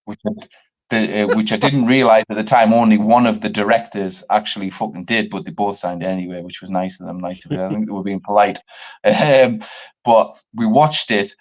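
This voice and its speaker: Guy gushing in a casual chat, rambly and sweary, kinda low voice, muffled lo-fi audio. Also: fairly quick. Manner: passionate, rambling, swears freely. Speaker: podcast co-host.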